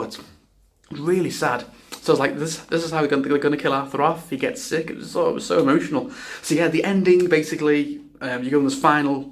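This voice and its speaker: A man giving a casual spoken video game review, rambling and enthusiastic, often restarting his sentences and swearing. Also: medium pitch.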